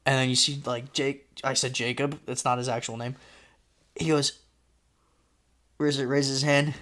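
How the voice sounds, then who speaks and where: A man co-hosting a podcast, telling a story in casual chat, animated and swearing, acting out quotes loudly. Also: medium pitch, unhurried. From Florida, United States. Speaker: podcast co-host.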